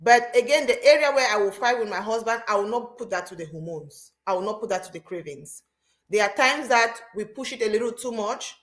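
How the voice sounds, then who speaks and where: Animated woman, fairly high voice. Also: fairly quick. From Cameroon. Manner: animated storytelling, repeats herself. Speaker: host. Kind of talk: casual chat.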